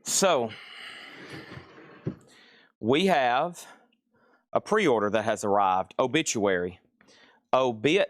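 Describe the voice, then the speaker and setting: A middle-aged man hosting a live record sale stream, listing items and calling bids in a brisk, casual patter from a record store. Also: medium pitch, big pitch swings, no echo, clean studio sound. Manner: brisk auctioneer-style listing, casual asides. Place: record store with crates and tables.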